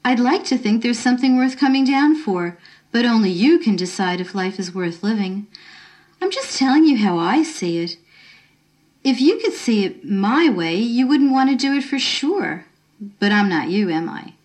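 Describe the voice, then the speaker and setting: A woman voicing a kind, unflustered middle-aged woman who talks gently and encouragingly. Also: fairly high pitch, lively intonation, moderate pace, close to an everyday voice. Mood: gentle.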